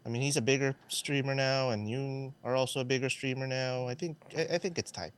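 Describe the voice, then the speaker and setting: A man co-hosting a stream in casual chat, low-key, with short dry replies. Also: fairly even intonation, fairly quick, clean tone. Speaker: co-host.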